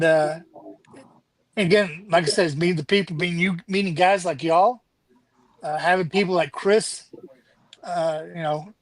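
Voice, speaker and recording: A man's voice: high-pitched, a bit bright, rough recording. A middle-aged man, a charity founder and Army veteran, talking candidly and swearing now and then as a guest on a casual show. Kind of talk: casual chat.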